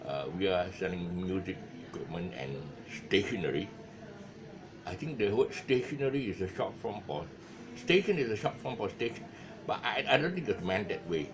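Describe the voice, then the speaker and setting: A man with a Malaysian English accent, talking his way through a guitar lesson in loose, rambling chat full of "uh"s and restarts. His fairly low voice rises and falls a lot. Clear background noise sits under the recording. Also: sing-song, moderate pace. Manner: rambling, hesitant, many fillers and restarts. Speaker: guitar teacher. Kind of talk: casual video lesson talk. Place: his music shop.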